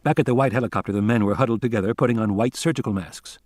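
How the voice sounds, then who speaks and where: A man's voice: lowish voice, rapid-fire, darkish tone, dry recording. Man narrating a novel, dry close sound. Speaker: audiobook reader.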